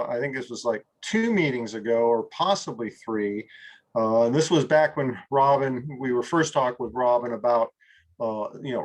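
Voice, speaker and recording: A man from California leading a group coaching call in a casual, rambling way, full of fillers and restarts, a little tired. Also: mid-range voice. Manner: rambling, many fillers and restarts, acts out slow drawled examples. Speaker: group mastermind leader.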